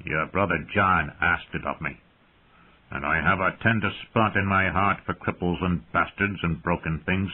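A man's voice: low-pitched, steady tone, moderate pace, slight background noise, natural voice. A man voicing a wry, sardonic adult dwarf lord in an audiobook, speaking in a dry, mocking, formal way. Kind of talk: audiobook character voice. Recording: tinny lo-fi phone-like sound.

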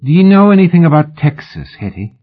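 A man voicing a sharp-tongued young Victorian woman in a raised, pert voice. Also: fairly high pitch, big pitch swings, fairly quick, pitched above the performer's own voice. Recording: phone-like narrow band.

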